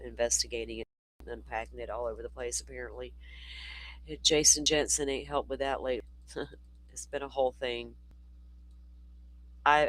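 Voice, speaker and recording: A man's voice: mid-range voice, a bit bright, rough recording. A man hosting a livestream, chatty and rambling, his voice worn from talking all day. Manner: chatty, rambling, talks to chat. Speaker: livestream host. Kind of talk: casual live commentary.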